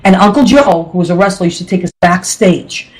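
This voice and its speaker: A woman's voice: on the low side, a little fast. A woman host, telling family stories with jokes and laughter. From Boston area. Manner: animated, joking, laughing often. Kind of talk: lively family storytelling on a show. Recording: noisy room.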